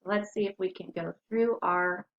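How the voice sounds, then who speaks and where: A woman's voice: lowish voice, steady tone, normal speed. A woman teacher giving a recorded spelling lesson to young children, patiently sounding out words syllable by syllable. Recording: echoey room, dull lo-fi sound.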